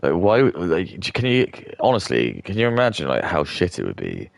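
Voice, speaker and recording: A man's voice: low voice, wildly swooping pitch, normal speed, creaky, no room sound. A man rambling crudely and opinionatedly in casual commentary while he streams a game. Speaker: gaming streamer.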